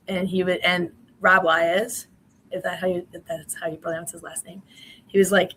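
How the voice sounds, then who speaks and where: A young woman, once a college swimmer, tells her story as a podcast guest. Her voice sits a little low and she talks in a loose, chatty flow full of fillers. A faint hiss runs under the recording. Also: level tone, moderate pace, fairly bright tone, low-quality recording. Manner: chatty, many "you know" fillers. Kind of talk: casual interview answers.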